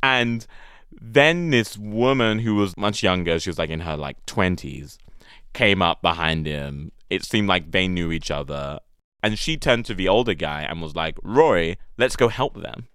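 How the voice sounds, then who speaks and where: A man's voice: deep voice, unhurried, pushed and bright, clean tone, no room sound, studio quality. A young man with an English accent telling a personal story in a chatty, amused way, full of fillers. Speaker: guest storyteller.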